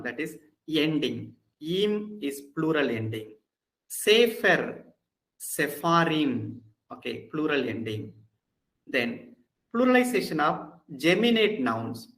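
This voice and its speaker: A man's voice: on the high side, fairly bright tone, poor audio. A man with an Indian English accent teaching an online Hebrew grammar lecture, patient and repeating key points to reassure students. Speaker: Bible college Hebrew instructor.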